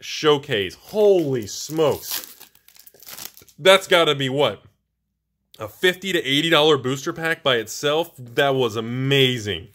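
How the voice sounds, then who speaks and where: A man hosting his own channel, opening booster packs and reacting with excited exclamations. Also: fairly high pitch. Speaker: host of a card-collecting channel. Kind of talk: casual booster box opening.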